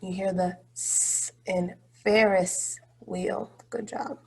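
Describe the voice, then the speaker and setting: A woman's voice: mid-range voice, steady tone, slow pace, darkish tone, slightly rough. A woman teaching a phonics lesson to young children, patient and encouraging, drawing out each word.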